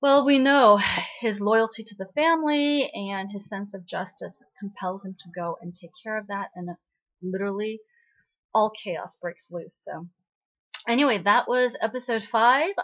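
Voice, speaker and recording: Woman, casual drama recap, chatty, filler-heavy, mid-pitched, slightly muffled recording. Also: measured pace. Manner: chatty, lots of "you know" and "right?" fillers. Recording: slightly dull lo-fi audio.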